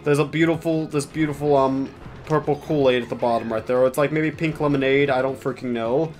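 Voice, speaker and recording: A young man narrating his own gameplay in a loose, chatty stream, sarcastic and quick to swear. He slips into mock-dramatic asides, and faint music plays behind him. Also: mid-range voice, steady tone, a little mellow. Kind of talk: casual gameplay commentary.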